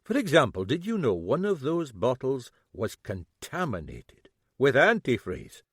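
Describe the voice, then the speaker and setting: A man voicing a shrewd, middle-aged Scottish detective who needles a suspect slowly. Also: medium pitch, wildly swooping pitch, slightly rough, no room sound, clean studio sound, pitched above the performer's own voice, exaggerated voice. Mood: sly. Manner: slow, needling, toying.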